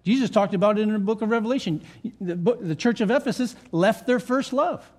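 High-voiced older man preaching earnestly. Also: a little fast, darkish tone. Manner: earnest, repeats key phrases for emphasis. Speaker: pastor. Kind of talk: sermon. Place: church meeting room.

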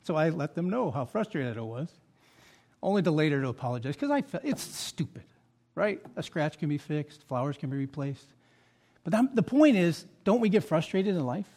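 A male pastor preaching a sermon, telling a personal story with acted quotes and dropping soft and low for confessions. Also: sing-song, moderate pace.

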